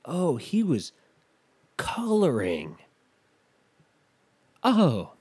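A man's voice: a little high, huge pitch swings, extremely slow, a little mellow, husky. A man telling a rambling, self-deprecating story in casual chat, losing his thread and picking it back up.

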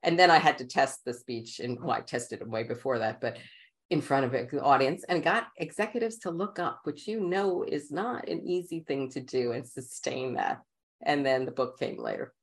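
A middle-aged woman with a Queens, New York accent, telling animated stories as an interview guest and laughing often. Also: a bass voice, moderate pace. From New York, USA. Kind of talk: casual interview storytelling.

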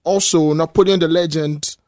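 Animated man co-hosting a podcast. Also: on the high side, normal speed, no echo, clean studio sound. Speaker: podcast co-host. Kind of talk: casual chat.

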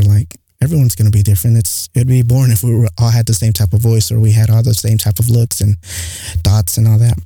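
Candid young man with a dark voice. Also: mid-range voice, no room sound. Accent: non-standard English accent. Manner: rambling and candid, heavy use of "like". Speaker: podcast host. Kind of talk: casual monologue podcast. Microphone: studio mic close up.

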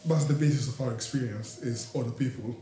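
A man's voice: medium pitch, brisk, dark tone. A man in a casual chat, speaking reflectively and searching for his words. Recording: echoey room with faint music.

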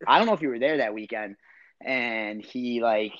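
A man's voice: medium pitch, moderate pace, fairly bright tone, no room sound, muffled recording. A young man chatting brashly and joking with friends. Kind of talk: casual chat. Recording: clear background noise.

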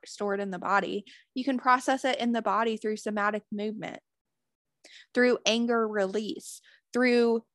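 A woman's voice: mid-range voice, fairly bright tone, no echo, clean studio sound. A woman giving a motivational self-help talk as a spiritual wellness host, earnest, swearing freely and repeating affirmations.

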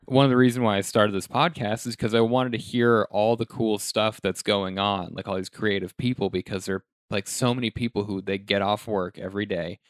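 A male podcast host talks in a relaxed, reflective way, peppering his speech with "like." His voice sits on the low side and the recording is dry and close, with no room sound. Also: fairly quick, few pauses, dry recording. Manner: relaxed, reflective, many "like" fillers. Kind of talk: casual chat.

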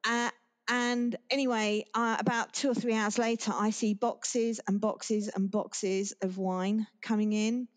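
A woman speaks as a podcast guest in a mid-range voice, telling a long story with many restarts and pauses. Her delivery is relaxed and conversational, and she laughs now and then as she talks. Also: mid-range voice, clear, resonant tone. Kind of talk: casual interview chat.

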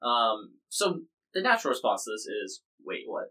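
A man's voice: medium pitch, very animated, moderate pace, sharp tone, poor audio. An American man co-hosting a casual news podcast, explaining stories in a chatty, jokey, rambling way. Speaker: podcast co-host.

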